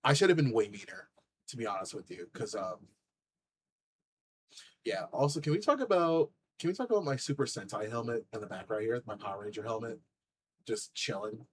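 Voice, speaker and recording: A man's voice: lowish voice, lively intonation, fairly quick, pauses often, slightly rough, low-quality recording. A man hosting a reaction commentary channel, talking bluntly and indignantly with lots of fillers.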